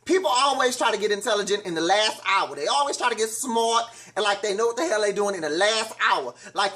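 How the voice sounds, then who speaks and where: A man's voice: high voice, a little fast, hardly any pauses, sharp tone. A man hosting a casual review vlog, giving sassy, blunt commentary on reality TV in a slangy way.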